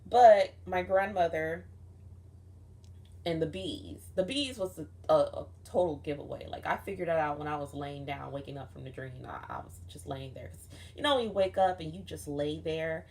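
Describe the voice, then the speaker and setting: Young woman w/ lowish voice rambling thru a dream story, lots of "like", cussing casually. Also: moderate pace, warm tone. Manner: rambling, profane, frequent "like" fillers. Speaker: vlogger recounting a dream.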